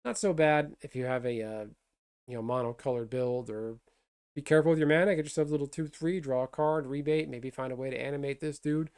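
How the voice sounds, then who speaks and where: A man's voice: mid-range voice, brisk, a little mellow, smooth. A man casually reviewing trading cards for a video, enthusiastic and rambling, with lots of fillers and restarts. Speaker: card game video host. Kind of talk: casual card review talk.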